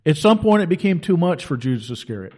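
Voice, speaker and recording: A man's voice: a little high, big pitch swings, fast talker, a little mellow. A man preaching a sermon in an emphatic, colloquial storytelling manner.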